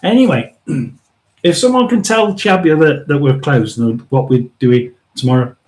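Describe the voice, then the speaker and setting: A man hosting a live tarot reading, rambling and emphatic, often restarting and clearing his throat. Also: on the high side, poor audio. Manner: chatty and emphatic, drawn-out stresses. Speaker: tarot reader and live stream host.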